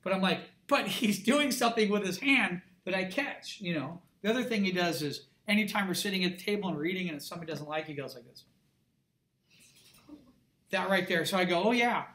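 A man's voice: high-pitched, brisk, bright, forceful tone. A middle-aged man, an art instructor, giving a classroom lecture in an emphatic, conversational way and checking in with his students often.

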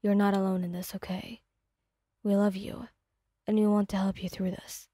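A woman reading the part of a gruff, blunt young man in a fanfic audio story. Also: medium pitch, flat delivery, normal speed, mellow, dry recording, natural voice. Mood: tender. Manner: blunt, curt orders.

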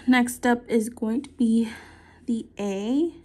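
A young woman talking softly through her nail art work, often trailing into whispers as she concentrates. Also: a little high. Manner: slow, soft-spoken, often trailing into whispers while concentrating. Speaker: nail artist vlogger. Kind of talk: casual work-along narration.

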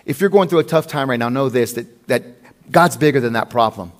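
A man pastor preaching a sermon in an animated way, acting out the prayers he quotes. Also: medium pitch, fairly quick.

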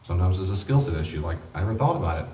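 A man with a low voice teaches a grief class before a small group, talking fast and folksy. He acts out quoted exchanges. The sound is roomy and distant, with faint noise behind. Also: animated, dark tone. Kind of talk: informal church teaching.

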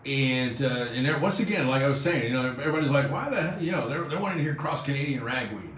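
A male radio host with a medium-pitched voice talks fast, telling a story in a lively way and slipping into the voices of the people he quotes. He sounds like he's in a roomy studio, with a faint hiss underneath.

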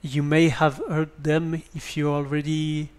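A man with a French accent explains things step by step, slowly and with plenty of ums and restarts. His voice is smooth and clear, sitting a touch high for a man. The sound comes from a basic standard microphone. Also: level tone, darkish tone. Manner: hesitant, many ums and restarts. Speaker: tutorial presenter. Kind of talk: hesitant spoken tutorial.

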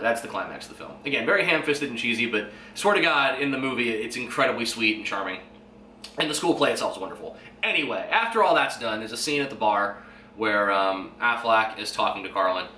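A man's voice: medium pitch, bright, forceful tone. A man in his twenties hosting a podcast, rambling casually and swearing freely. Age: 20s. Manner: rambling and profane, with fillers and chuckles. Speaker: podcast host. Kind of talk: casual solo monologue. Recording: echoey room, faint background noise.

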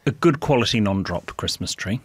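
A man's voice: on the low side, expressive, brisk, slightly rough. A man co-hosting a podcast in casual comic chat, dry, opinionated and wry. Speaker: podcast co-host.

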